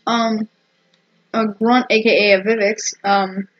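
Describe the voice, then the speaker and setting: A vlogger talks to camera about a TV episode she watched, casually rambling and giggling, with lots of fillers and restarts. Her medium-pitched voice is level in tone and she takes it slowly, captured in a dull, lo-fi home recording.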